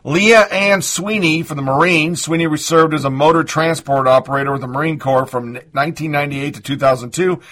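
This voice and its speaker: A man's voice: a little high, fairly quick, few pauses, a bit bright. A man hosting a commentary show, reading listener messages and news with a sarcastic edge. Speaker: host.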